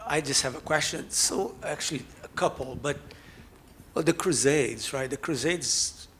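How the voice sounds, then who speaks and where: A man's voice: on the high side, measured pace, a bit bright. A man in the audience asking a question, hesitant and searching for words, heard from a distance. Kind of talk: question from the floor. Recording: distant mic with faint noise.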